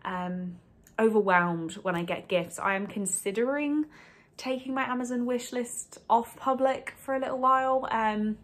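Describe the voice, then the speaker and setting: A young woman talks to her camera at home, rambling and apologetic as she chats about her reading. Her pitch sits in the middle of the usual range for a woman, and her talk is loose and casual. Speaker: book vlogger. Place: home, indoors.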